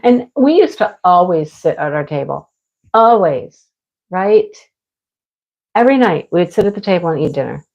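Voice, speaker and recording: A woman's voice: lowish voice, sing-song, moderate pace, vocal fry, a little mellow, muffled recording. A middle-aged woman chatting casually with her viewers while she works on a craft, laughing often. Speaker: livestream crafter. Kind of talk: casual chat while diamond painting.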